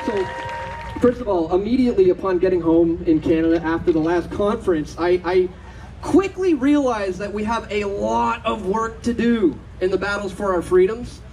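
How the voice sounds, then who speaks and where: High-pitched guy on a conference stage, animated storytelling, mic far off, faint noise. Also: moderate pace, some chatter behind. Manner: animated, acts out voices in anecdotes, laughs often. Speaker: conference speaker. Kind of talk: storytelling speech to an audience.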